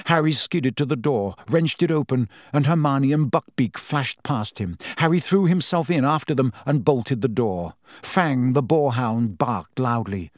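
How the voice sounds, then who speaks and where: A man narrates a novel for an audiobook, his storytelling measured and even. His pitch is medium, the scripted reading has no echo, and the sound is studio quality.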